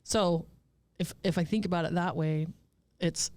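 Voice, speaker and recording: A woman's voice: lowish voice, steady tone, a little slow, a little mellow. A woman police officer telling candid stories as a guest, talking bluntly, swearing freely and laughing as she goes. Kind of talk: candid conversational storytelling.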